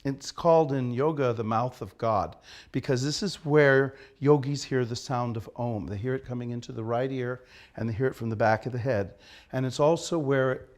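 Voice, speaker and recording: A man's voice: mid-range voice, a little mellow. A man teaching an acting class in a studio, asking his students questions and leading them through an exercise. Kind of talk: classroom lecture.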